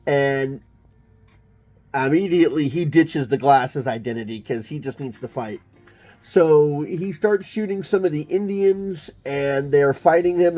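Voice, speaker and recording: Male comics reviewer with a mellow, slightly high voice, chatty and joking, faint music underneath. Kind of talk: casual commentary while reading a comic.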